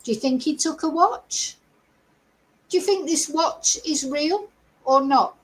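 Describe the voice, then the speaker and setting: A middle-aged woman hosts a true crime livestream, offering strong opinions and firing rhetorical questions at her viewers. Her voice is high-pitched and unhurried, and the recording quality is low.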